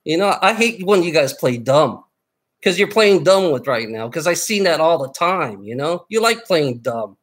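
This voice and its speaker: This livestreamer's voice sits on the high side, swinging widely in pitch at a normal speed. Furious and profane, he goes on a casual rant at his chat, repeating himself and stumbling through restarts.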